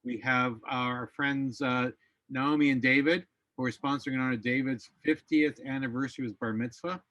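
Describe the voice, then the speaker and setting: Man calmly reading service announcements. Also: medium pitch, brisk, no echo, dull audio. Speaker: service organizer.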